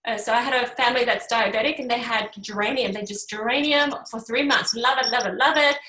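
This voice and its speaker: Animated woman healer in an echoey room. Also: fairly high pitch, fast talker. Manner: animated storytelling, acts out quoted voices. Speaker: energy healer. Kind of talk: casual workshop chat. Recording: roomy echo.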